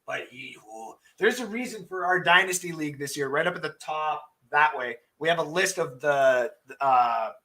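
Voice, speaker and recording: A man's voice: fairly high pitch, sharp tone. A man hosting a sports podcast, chatting casually and emphatically with a guest, joking and talking over him. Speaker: podcast host.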